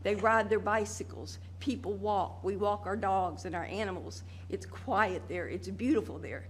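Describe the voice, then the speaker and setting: A woman's voice: medium pitch, a little hiss or hum. An older woman, speaking angrily and emotionally as a resident during public comment at a meeting. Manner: angry, emotional, drawn-out pleading. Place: council meeting room.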